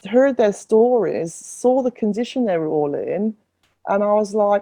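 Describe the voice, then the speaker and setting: In an unhurried, lively manner and a dark, medium-pitched voice, a middle-aged woman tells her story during a conversational podcast interview. She's a singer-songwriter and refugee advocate who speaks earnestly and often restarts her sentences.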